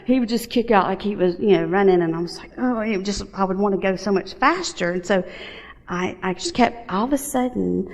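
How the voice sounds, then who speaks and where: A woman giving a personal testimony as a guest speaker in church, telling her story and acting out the dialogue. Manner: storytelling, acts out dialogue with lively pitch jumps. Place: church sanctuary. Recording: dull sound with long hall reverb.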